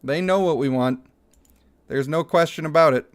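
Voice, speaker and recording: A young man hosts a casual gaming livestream. His voice sits a little high for a man, and he talks in an animated, chatty way, laughing often as he reads his chat aloud. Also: normal speed. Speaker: streamer.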